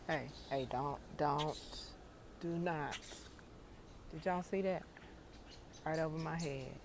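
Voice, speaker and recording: A middle-aged woman with a low-pitched voice chats casually about her garden as a gardening vlogger, speaking outdoors in a home garden against a noisy background. Her storytelling is frank and joking, peppered with profanity.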